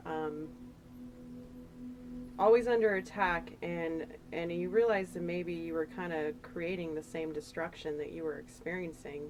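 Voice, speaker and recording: A woman's voice: lowish voice, darkish tone, slight background noise, low-quality recording. A woman giving a casual, emotional tarot reading, chatty and rambling with fillers. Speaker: tarot reader.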